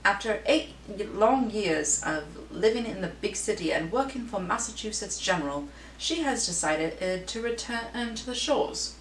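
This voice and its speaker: A woman's voice: mid-range voice, expressive, moderate pace, natural voice. A woman voicing a gossipy female society columnist in a put-on British-style accent, with arch, theatrical delivery. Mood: arch gossip. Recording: roomy echo, distant mic, faint hum.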